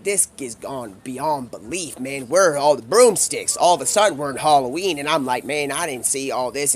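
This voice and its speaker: A man's voice: a little high, a little hiss or hum. A man streaming live, telling a rambling, improvised, stream-of-consciousness story full of slang.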